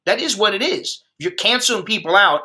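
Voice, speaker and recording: A man's voice: high-pitched, lively intonation, brisk, pushed and bright. An American man in his fifties, a vlogger ranting bluntly and profanely while chatting with his viewers. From United States. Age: 50s. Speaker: expat vlogger. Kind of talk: ranting livestream chat with viewers.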